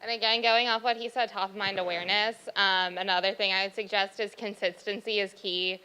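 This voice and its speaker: A woman's voice: mid-range voice, fairly even intonation, fairly quick, pushed and bright, smooth, low-quality recording. A young woman presenting marketing advice and teasing her uncle during a talk. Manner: teasing, upbeat. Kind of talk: presentation with banter.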